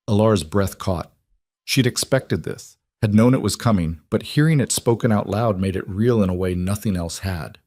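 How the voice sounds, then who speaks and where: Guy narrating a drama story, low and even, dry sound. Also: moderate pace, no room sound.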